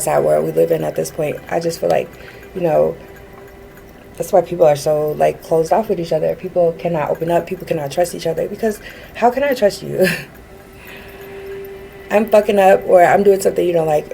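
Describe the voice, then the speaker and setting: A woman's voice: lowish voice, moderate pace, vocal fry, mellow, faint music behind, poor audio. A woman vlogging a rambling personal rant, earnest and frustrated, with many fillers and restarts.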